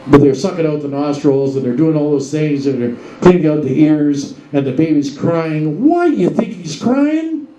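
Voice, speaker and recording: A man's voice: a little high, animated, moderate pace, warm tone, echoey room, slight background noise, rough recording. A man hosting a casual monologue, firing rhetorical questions at the listeners and addressing them as folks. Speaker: show host.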